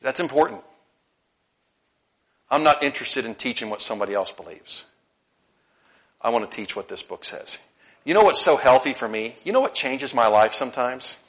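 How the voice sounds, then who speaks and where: Bright conversational man preaching. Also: mid-range voice, moderate pace, long pauses, rough recording. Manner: conversational, repeats words, animated bursts. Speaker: pastor. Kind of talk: sermon.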